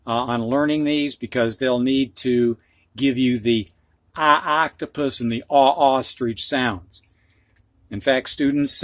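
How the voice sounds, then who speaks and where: This reading teacher is a middle-aged man whose Midwestern accent points to Ohio or Michigan. During his phonics lesson he patiently says each word twice, using a mid-range voice in a dry recording.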